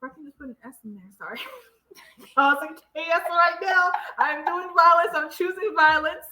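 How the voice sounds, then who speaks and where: A woman with a high, bright, lively voice reacts to a video with teasing jokes and laughter. The room around her sounds echoey. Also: moderate pace. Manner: teasing, playful, often laughing. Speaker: reaction channel co-host. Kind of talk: casual reaction chat.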